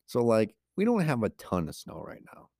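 A man's voice: medium pitch, wildly swooping pitch, moderate pace, warm tone, no echo, studio quality. A man co-hosting a casual podcast, rambling in a matter-of-fact way and often restarting his sentences. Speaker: podcast co-host, mail carrier.

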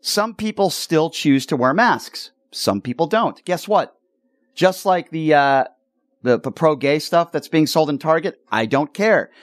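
A man's voice: on the high side, animated, measured pace, no room sound, clean studio sound. A man hosting a talk radio show who delivers an opinionated, indignant commentary and stumbles over repeated words as he gets worked up.

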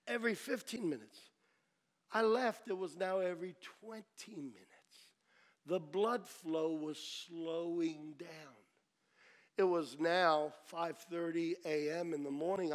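Guy pastor preaching, high ringing voice, goes quiet then loud. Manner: dramatic storytelling, swings from hushed to shouting. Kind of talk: sermon.

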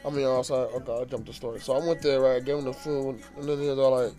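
A young man spins a rambling story full of slang and profanity, calling the listener "bro" every other line. He gets loud and animated as the story heats up. A little music plays in the background. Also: mid-range voice, quick pace. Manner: loud and animated when worked up. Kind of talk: casual storytelling.

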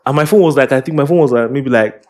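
A man's voice: mid-range voice, fast. A young man with a Nigerian accent, animatedly telling a story in casual podcast chat mixed with Pidgin slang. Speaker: podcast co-host.

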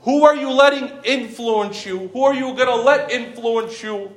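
A man's voice: very high-pitched, moderate pace, roomy sound. A man preaching a sermon who asks repeated rhetorical questions, calls listeners by name and switches between English and another language mid-sentence.

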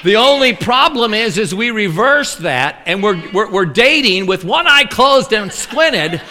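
Male preacher, bright folksy delivery, long hall reverb, joking sermon. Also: sits high, big pitch swings, unhurried.

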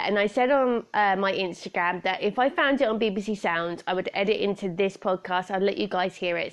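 Bubbly woman chatting on her podcast, fairly high voice, jokes at herself. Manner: chatty, bubbly, self-deprecating. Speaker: podcast host. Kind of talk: casual solo podcast chat.

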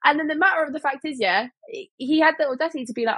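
A woman's voice: high voice, fast, fairly bright tone, no room sound, low-quality recording. A young woman chatting casually in a storytime vlog, full of fillers and mimicking other people in quotes. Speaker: vlogger.

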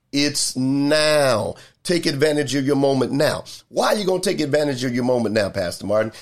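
An older man preaching a sermon as pastor, repeating key lines with emphasis and slow, drawn-out pauses. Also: medium pitch.

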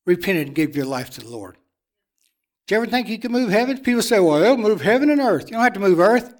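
A high-voiced man delivers a fast-paced sermon, his pitch swinging widely as he hammers each point through repetition. Loud proclamations alternate with hushed asides, as if he's letting listeners in on a secret.

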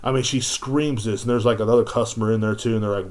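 A man's voice: on the low side, fairly even intonation, fast talker, darkish tone. A man hosting a podcast, telling a rambling, profane story about his job as a store clerk. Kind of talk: casual rant.

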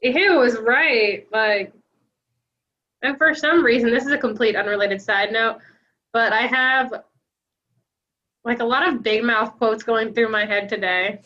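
Young woman co-host, bright voice, wry casual chat, dull lo-fi recording. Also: fairly high pitch, measured pace, long pauses. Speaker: podcast co-host. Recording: dull lo-fi sound.

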